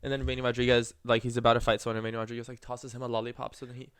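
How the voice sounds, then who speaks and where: A young man with a smooth, resonant voice chats on a podcast, reading posts aloud and acting out the quoted voices. He laughs easily and tells stories with animation. The sound is close and dry, with no room behind him. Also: medium pitch, level tone, rapid-fire, dry recording. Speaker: podcast co-host.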